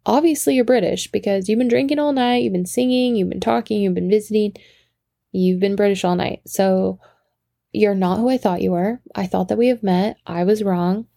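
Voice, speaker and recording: A woman's voice: medium pitch, normal speed, gravelly, mellow, dry recording, studio quality. A woman voicing an older man at a bar, earnest and apologetic.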